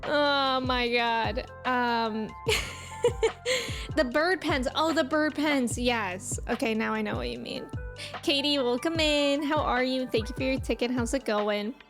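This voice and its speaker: A woman's voice: sits high, lively intonation, slow pace, fairly bright tone, faint music behind. A young woman from New England, a streamer casually chatting and reminiscing while reading and answering her live chat.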